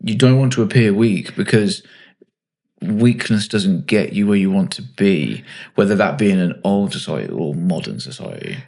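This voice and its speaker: A man hosting a podcast, chatting in a relaxed, self-mocking way and thinking aloud. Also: sits low, normal speed, vocal fry. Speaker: podcast host. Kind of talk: casual podcast chat.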